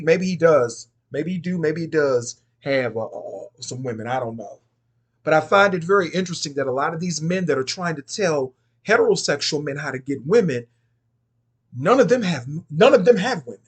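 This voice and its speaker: Sassy husky-voiced man chatting. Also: fairly high pitch, animated, moderate pace. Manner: sassy, chatty, repeats and restarts phrases. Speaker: occult commentator. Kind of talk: casual spoken commentary.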